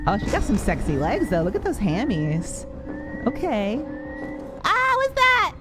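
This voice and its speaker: A woman's voice: mid-range voice, very animated, normal speed, over loud music. A woman streamer giving chatty, jumpy commentary while playing a horror game and talking back to its characters. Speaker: gaming streamer. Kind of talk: casual let's-play commentary.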